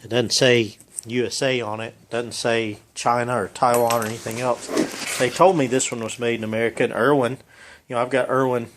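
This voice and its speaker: A man's voice: medium pitch, level tone, brisk, a little hiss or hum. A man, rambling in a folksy way with lots of ums while he films a repair in his home garage. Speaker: home mechanic filming a repair. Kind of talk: casual how-to vlog.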